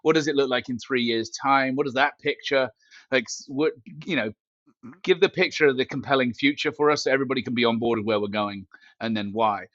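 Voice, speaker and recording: Heard through a mic built into his glasses, a man with a mid-range voice chats fairly quickly on a podcast as a guest. He's a company CEO, and his storytelling is joking and animated with asides, on a dry, lo-fi recording.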